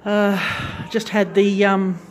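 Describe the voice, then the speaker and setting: Her mid-range voice has a flat delivery and a slow pace, with background noise present. As a craft channel vlogger, she tours her farm lodge unit indoors and on the back porch via handheld phone, chatting, rambling, and correcting herself.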